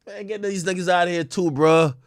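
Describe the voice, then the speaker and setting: A man hosting a livestream, riffing casually in a loose, profane way with sudden loud outbursts. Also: high voice, fairly even intonation, fairly quick, clear, resonant tone, dry recording, clean studio sound. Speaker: livestream host.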